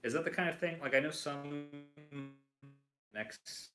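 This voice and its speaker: A man's voice: on the high side, fairly even intonation, slow, music in the background, poor audio. A man hosting a casual chat while building a toy kit, rambling with lots of fillers and restarts. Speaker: host.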